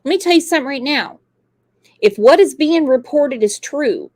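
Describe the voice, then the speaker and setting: Woman host chatting thru a true crime case, kinda high voice, emphatic, repeats stuff. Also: animated, normal speed, darkish tone. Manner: conversational, emphatic, repeats points for stress. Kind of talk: casual true crime commentary.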